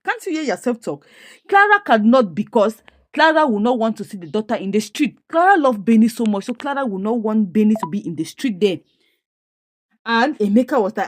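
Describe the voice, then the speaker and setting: A woman's voice: a little high, animated, normal speed, dry recording, clean studio sound. Chatty Nigerian woman retelling a story. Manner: chatty, asks the audience questions, moralizing asides. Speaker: movie recap narrator. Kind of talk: casual storytelling recap.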